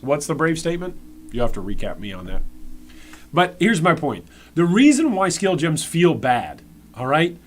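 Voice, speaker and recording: An American man streaming live, reacting to game patch notes and talking straight to his chat in a rambling way, restarting and repeating words as he works through a point. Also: fairly high pitch. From United States. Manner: talks directly to his chat.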